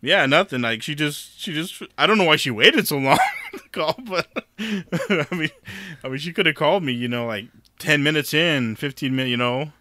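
A man with a bright, forceful voice tells a long story in a loose, casual podcast chat. He rambles and swears, and he stops often to restart his sentences with fillers. The sound is dry and close to the mic. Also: a little high, animated, moderate pace, no echo.

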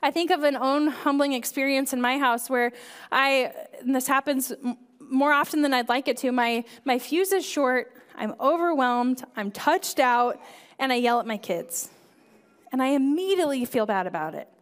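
Woman, 30s, high voice, church kids director giving a conversational sermon. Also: normal speed, long reverb tail. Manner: earnest and conversational, frequent "right?" and "um". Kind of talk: sermon talk.

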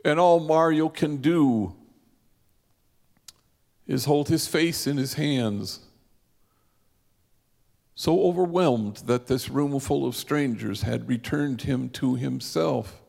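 A man preaching a sermon as a vivid storyteller who slows down for emphasis. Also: medium pitch, gravelly, a little mellow. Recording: long hall reverb.

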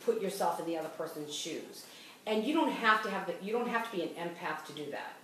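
With a lowish, slightly bright voice and lively intonation, a middle-aged woman from the Boston area hosts a casual podcast at a quick pace in her Boston accent. Chatty, she often starts sentences over and laughs as she speaks. Slight background noise, room echo and distance from the mic color the sound.

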